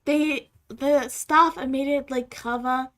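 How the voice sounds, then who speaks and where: A woman's voice: sits high, fairly even intonation, measured pace, fairly bright tone. A woman narrating as game master of a tabletop game, voicing the characters. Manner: voices many characters.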